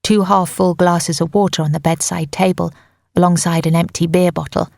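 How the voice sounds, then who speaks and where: A woman's voice: lowish voice, flat delivery, normal speed, gravelly, a little mellow, no room sound. A woman narrating a tense first-person audiobook on a close mic, in an urgent storytelling manner.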